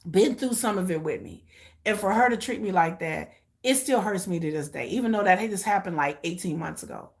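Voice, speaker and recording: A middle-aged woman with a fairly low, expressive voice talks briskly as a live watch-along streamer, casually sharing a personal story. She's blunt and emotional, swears freely, and acts out what other people said.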